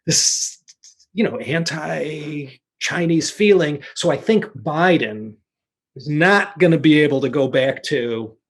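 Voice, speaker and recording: An older American man in his sixties speaking as an interview guest. His voice sits fairly high and he rambles loosely, circling back with fillers and restarts as he thinks aloud. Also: lively intonation, takes it slowly. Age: 60s. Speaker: guest expert. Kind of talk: casual conversational interview.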